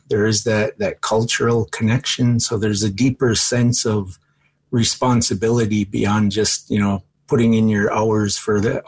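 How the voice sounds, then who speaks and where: Husky-voiced man explaining forestry education. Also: on the low side. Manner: thoughtful, measured, frequent fillers. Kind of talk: interview answers.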